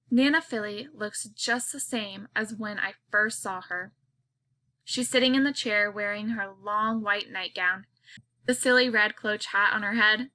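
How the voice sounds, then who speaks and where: A woman reading an audiobook aloud as a girl's first-person narration, with steady storytelling. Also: mid-range voice, measured pace.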